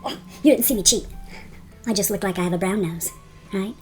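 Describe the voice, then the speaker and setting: A woman's voice: medium pitch, brisk, soft background music. A woman doing a casual makeup vlog, joking and laughing at herself as she goes. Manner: giggly, joking, self-teasing. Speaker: beauty vlogger.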